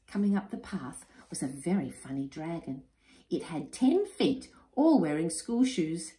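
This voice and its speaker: A woman reading a children's picture book aloud, expressive and unhurried. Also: fairly low pitch. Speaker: storyteller. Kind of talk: children's story read-aloud. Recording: roomy echo.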